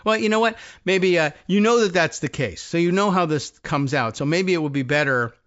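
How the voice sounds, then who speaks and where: A man's voice: a little high, brisk, fairly bright tone, muffled recording. A man hosting a political talk show, rambling and wry, often stopping and restarting his sentences. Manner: rambling, self-interrupting, wry. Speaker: podcast host.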